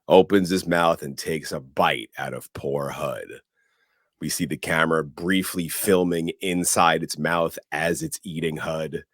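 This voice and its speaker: Very deep-voiced man recapping a film. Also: no echo, clean studio sound. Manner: animated storytelling with sound words. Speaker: podcast co-host. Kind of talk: casual movie recap.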